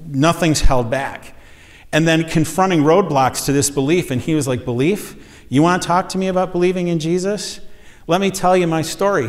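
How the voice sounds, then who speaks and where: A man delivers a sermon with earnest storytelling and a voice that climbs when he presses a point. His voice sits a touch higher than most men's. The sound rings with the long reverb of a church hall. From USA. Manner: earnest storytelling, voice rising with emphasis. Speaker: pastor teaching a series. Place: church sanctuary.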